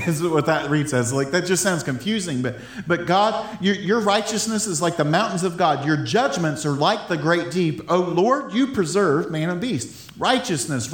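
A man with a somewhat high voice gives an informal Bible teaching with real enthusiasm. He laughs often and trips over repeated words as his thoughts run ahead. The room around him has a noticeable echo. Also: fairly bright tone.

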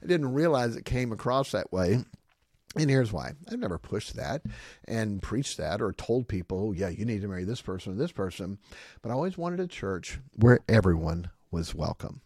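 A man's voice: lowish voice, normal speed, slightly rough, no room sound, studio quality. A man, a pastor, hosting a podcast and talking emphatically, often checking in with "okay?" and acting out what others say. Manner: emphatic, often asks "okay?" and acts out quotes in lively voices. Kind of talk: podcast monologue.

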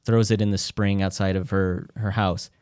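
A man's voice: sits low, level tone, moderate pace, darkish tone, clean tone, no echo, clean studio sound. A man casually talking through a film's scenes with friends, rambling and restarting as he retells them. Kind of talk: casual film discussion.

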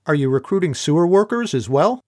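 A man voicing a sharp young female reporter in an audiobook, asking pointed, incredulous questions. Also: on the high side, animated, brisk, close to an everyday voice. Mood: amused. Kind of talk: audiobook character voice.

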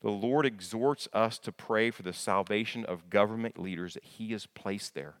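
A man's voice: fairly low pitch, normal speed, hardly any pauses. A man preaching a sermon to his congregation, emphatic, repeating key words and asking them questions, often stumbling and restarting. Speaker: pastor.

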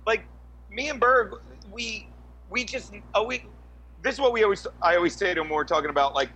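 A man's voice: high-pitched, brisk, pushed and bright, breathy edge, rough recording. A man on a casual podcast, ranting and rambling with lots of swearing and restarts. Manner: profane, rambling, rant-like; many restarts and fillers. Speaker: podcast co-host, guest. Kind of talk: crude casual podcast chat.

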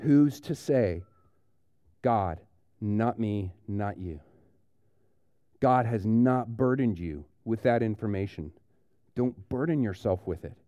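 A man, preaching a conversational sermon and retelling a story with lively restarts. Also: fairly low pitch, slow, pauses often, dry recording, muffled recording. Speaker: pastor.

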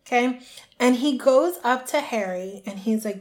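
Bright-voiced woman retelling a story. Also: a little high. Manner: acts out the characters' lines in quick put-on voices. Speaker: podcast co-host. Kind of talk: casual chat retelling a book chapter.

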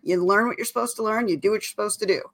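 A woman's voice: mid-range voice, very fast, no echo. A woman, a parent, talking firmly and plainly in a casual chat.

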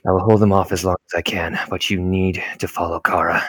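A man's voice: deep voice, little pitch movement, a little fast, a bit bright, dry recording. A man voicing a wounded male warrior who urgently tells others to go while he holds enemies off.

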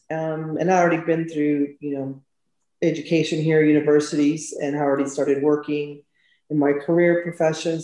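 A middle-aged woman from Texas telling stories in an unhurried, reflective way during a casual chat. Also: sits low, warm tone, roomy sound, low-quality recording.

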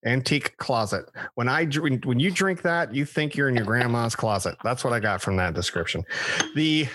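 A man's voice: medium pitch, lively intonation, moderate pace, fairly bright tone. A man hosting a casual podcast, chatty and reading off a list with frequent restarts. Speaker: podcast host. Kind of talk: casual chat.

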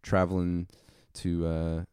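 A man with a very deep, smooth voice hosts a podcast, talking in an easygoing, rambling way full of "uh"s and "um"s. The sound is dry and close, with no room echo. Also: completely flat delivery, slow pace, a little mellow. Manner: easygoing, rambling with many fillers. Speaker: podcast host. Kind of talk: casual podcast chat.

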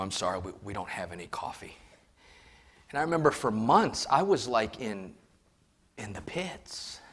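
A middle-aged male pastor preaching a sermon. He tells stories with emphasis, swinging from shouts down to hushed asides. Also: on the high side, slightly rough.

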